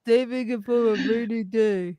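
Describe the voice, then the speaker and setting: A woman's voice: on the high side, steady tone, moderate pace, warm tone. A woman co-hosting a casual reaction chat, making wry, jokey quips. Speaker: co-host.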